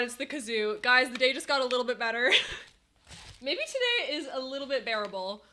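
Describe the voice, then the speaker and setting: A woman live streaming to chat, talking casually and excitably, laughing often and swinging between giddy and teary. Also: sits high, fairly quick, background noise. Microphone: headset.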